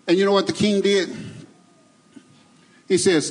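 A man's voice: sits high, level tone, a little slow, pauses often, low-quality recording. A man preaching a sermon to his congregation, emphatic, with a sing-song cadence and asides to the crowd. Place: church sanctuary.

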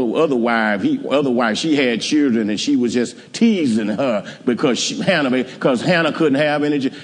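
A man preaching a sermon in a church, rising to high, emphatic climaxes. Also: a little mellow. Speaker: pastor. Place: church sanctuary. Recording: church hall reverb.

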